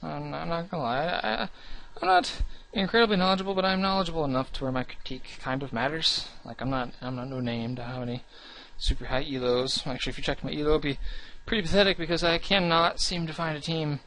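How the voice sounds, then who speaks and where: A man's voice: a little high, fast talker, hardly any pauses, sharp tone. Rambling, earnest young man. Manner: rambling, restarts often, earnest and self-deprecating. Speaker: gaming channel host. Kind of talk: casual talk to camera about his channel.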